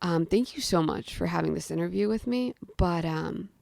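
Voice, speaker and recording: A woman's voice: on the low side, moderate pace, vocal fry, no room sound. Chatty young woman telling a story. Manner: animated, acts out quotes of herself and others; chatty, frequent "like" fillers. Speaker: guest storyteller. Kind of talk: casual storytelling conversation.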